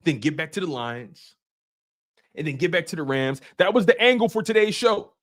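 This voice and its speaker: Guy hosting a live sports show, high voice that jumps all over, ribbing the chat, aave. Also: normal speed. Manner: animated, teasing chat readers by name. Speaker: sports podcast host. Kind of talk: casual live stream talk.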